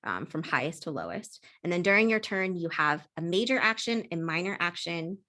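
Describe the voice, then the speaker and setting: A woman runs a tabletop game, her voice sitting a little low. She explains the rules in a relaxed, rambling way, circling back and restarting. She narrates scenes in the same easy tone. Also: a little fast. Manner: casual, explanatory, with frequent fillers and restarts. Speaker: game master.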